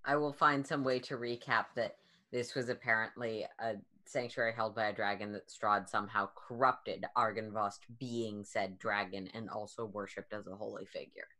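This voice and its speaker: A woman's voice: rumbling low, fairly even intonation, moderate pace, pushed and bright. A woman playing a tabletop game, stating her character's actions in a matter-of-fact, casual way. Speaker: player.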